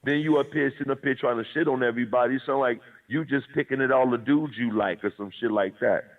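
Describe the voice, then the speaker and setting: A man's voice: medium pitch, fast. Profane blunt man on a tinny line. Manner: profane, blunt, says he is aggressive and abrasive. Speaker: guest. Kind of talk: heated casual chat. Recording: tinny phone-like call line.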